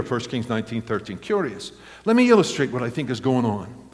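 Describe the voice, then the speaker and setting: A man's voice: medium pitch, sing-song, fairly quick. A male pastor preaching a sermon, telling stories animatedly with acted quotes and chuckles. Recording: long reverb of a large hall.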